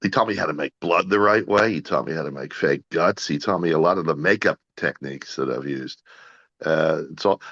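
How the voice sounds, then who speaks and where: A man's voice: very deep voice, brisk, dull audio. A middle-aged man, an actor being interviewed, telling long anecdotes with many stammered restarts and acted-out quotes of other people. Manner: animated anecdotes, acts out others' lines, frequent stammered restarts. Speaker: actor guest. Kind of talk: casual interview storytelling.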